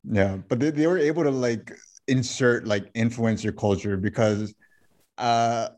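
A man's voice: medium pitch, unhurried, a little mellow. A man co-hosting a casual podcast over a video call, teasing his partner and rambling through his thoughts with lots of "like". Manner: rambling, leans heavily on "like" as he thinks aloud, teasing. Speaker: podcast co-host. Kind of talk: casual chat. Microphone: computer mic over a video call.

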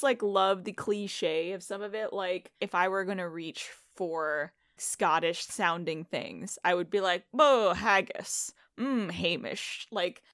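A woman co-hosts a relaxed movie chat, animated and quick to laugh. Her voice sits in a middle pitch. It is recorded close up in a dry room with no echo. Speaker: podcast co-host. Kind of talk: casual chat.

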